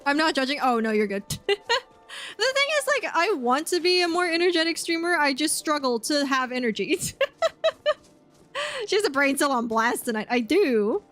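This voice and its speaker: A woman streaming a game, chatting casually and excitably, yelping and laughing as she plays. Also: high-pitched, normal speed, soft background music. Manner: chatty and excitable, yelps and laughs while playing. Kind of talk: casual gaming commentary.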